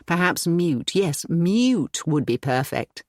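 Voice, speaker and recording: Protective young gentleman, as a narrator puts him on, measured, mid-pitched, audiobook romance. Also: very animated, dry recording, studio quality. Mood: earnest. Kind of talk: audiobook character voice.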